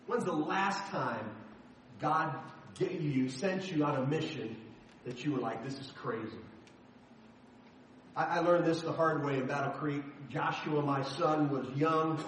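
A man's voice: on the high side, measured pace, a bit bright, a little hiss or hum. A middle-aged man preaching a sermon, telling a story in an emphatic, dramatic way. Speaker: pastor. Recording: echoey hall from far off.

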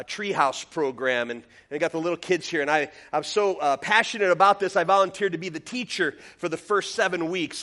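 A middle-aged male pastor giving an animated sermon, telling funny stories about himself, often breaking into high voices to act out what he said. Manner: animated, self-deprecating, jumps into high voices for comic quotes. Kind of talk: sermon with storytelling.

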